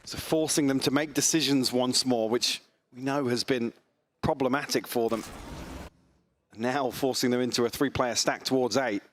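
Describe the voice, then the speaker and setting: A man giving measured analysis as co-caster on a live esports broadcast. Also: medium pitch, fairly even intonation. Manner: measured, analytical, quick laughs. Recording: noisy live broadcast feed.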